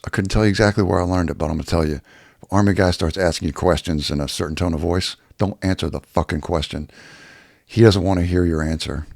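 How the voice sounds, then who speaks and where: A deep-voiced man with a gravelly edge tells a blunt, swear-filled story in a loose, rambling way. The sound is close and dry, with no room around it. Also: no room sound. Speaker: YouTuber. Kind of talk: casual storytelling vlog.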